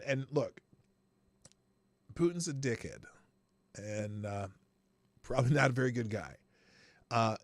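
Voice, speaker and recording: Gravelly, bright-voiced blunt man. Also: medium pitch, dry recording. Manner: blunt, profane, rambling with frequent restarts and laughs. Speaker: host. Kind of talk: political commentary livestream.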